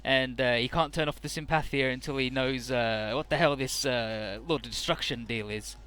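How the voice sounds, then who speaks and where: A man's voice: medium pitch, normal speed, sharp tone. A man casually recapping a game story as a let's play host, irreverent, swearing, with many fillers.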